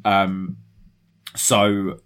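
A man's voice: deep voice, monotone, drawn-out words, fairly bright tone, clear, resonant tone. A man co-hosting a podcast, thoughtfully giving his review in casual chat, often restarting his sentences. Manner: thoughtful, hesitant, with repeated restarts. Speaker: podcast co-host.

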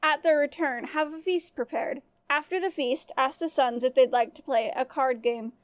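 A woman's voice: sits high, normal speed, no room sound, lightly acted. A woman voicing a greedy, cackling old witch who bargains slyly. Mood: scheming. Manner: sly, bargaining, grinning.

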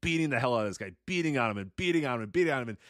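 Lively, animated man chatting. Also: medium pitch, rapid-fire, no room sound, clean studio sound. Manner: animated, swears freely, mimics announcers. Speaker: podcast co-host. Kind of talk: casual podcast chat about wrestling.

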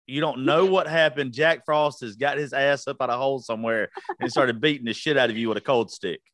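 A man's voice: mid-range voice, fairly even intonation, fairly quick, fairly bright tone, no room sound. A man in his thirties with a Southern US accent hosting a casual podcast interview, folksy and joking, swearing casually. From Georgia, US. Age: 30s. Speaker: podcast host.

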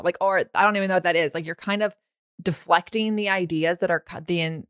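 A woman's voice: on the low side, clear, resonant tone, no echo, studio quality. A woman hosting a podcast, chatty and informal, filling her speech with "like". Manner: chatty, peppered with "like" and laughs. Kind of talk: casual podcast conversation.

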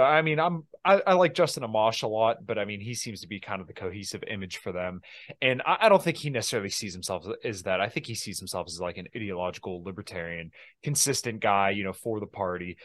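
A man hosting a podcast, talking in a laid-back, halting way with many fillers. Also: on the low side, animated, no echo. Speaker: podcast host. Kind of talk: casual podcast interview.

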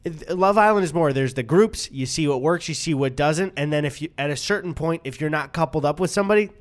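A man's voice: a little high, fast talker. A man co-hosting a podcast in casual chat, swearing freely and jumping into goofy voices for bits. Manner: animated, swearing, slips into put-on voices for bits. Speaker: podcast co-host.

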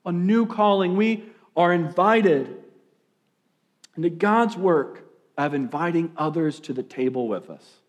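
Male pastor, young adult, sermon delivery, animated, loud emphasis dropping to hushed asides, voice sits a bit high. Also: measured pace, long pauses.

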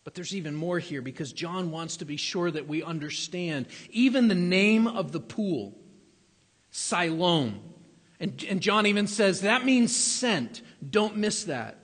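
A man's voice: high voice, lively intonation, a little slow. A man preaching a sermon as a pastor, conversational and emphatic, repeating key phrases and sometimes stumbling over his words. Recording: long hall reverb.

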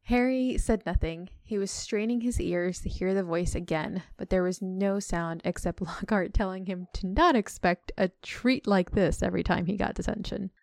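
A woman's voice: mid-range voice, normal speed, vocal fry, few pauses, darkish tone, dry recording, studio quality. A woman hosting a podcast, summarizing a book aloud and breaking off for casual chat with her co-hosts. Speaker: podcast host retelling a book.

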